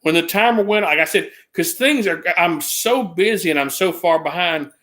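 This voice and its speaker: A man's voice: high-pitched, moderate pace, sharp tone. A man casually telling a long rambling story, restarting sentences and raising his voice to mimic others.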